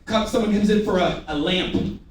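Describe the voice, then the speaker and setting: A man giving a lively sales training to a live audience, prompting them to repeat after him and teasing them. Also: high voice, normal speed, background noise. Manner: energetic, call-and-response with the audience; teasing, loud bursts. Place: large training room before an audience. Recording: echoey room recorded from far off.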